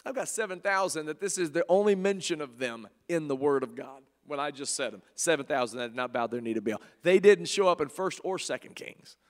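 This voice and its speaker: A male preacher delivering a sermon, swinging between loud fervor and hushed softness and repeating phrases. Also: high voice. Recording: long hall reverb.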